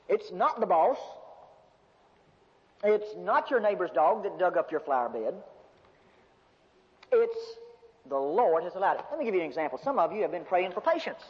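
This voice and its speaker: Male preacher, high voice, lively folksy sermon delivery, dull recording with long church reverb. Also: moderate pace, pauses often. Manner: animated, folksy storytelling with humor.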